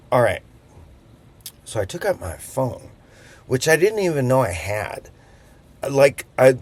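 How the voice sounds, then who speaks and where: A man's voice: mid-range voice, a little mellow, husky. A man in his fifties telling a rambling, jokey anecdote in a casual, digressive way. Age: 50s. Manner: chatty, digressive, jokey asides. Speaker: vlogger. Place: on a boat.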